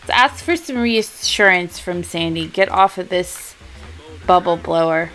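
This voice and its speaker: A woman giving casual, chatty gameplay commentary, giggly and unhurried. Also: fairly low pitch, a bit bright, rough recording. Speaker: let's-play host.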